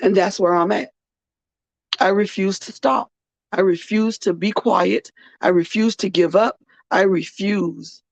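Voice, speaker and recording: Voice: medium pitch, a little slow, gravelly, no room sound. Tired, earnest speaker on a dull recording. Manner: earnest, emphatic, repeats phrases for weight. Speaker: podcast host. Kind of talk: personal heartfelt monologue on faith and hardship. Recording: dull, muffled dry recording.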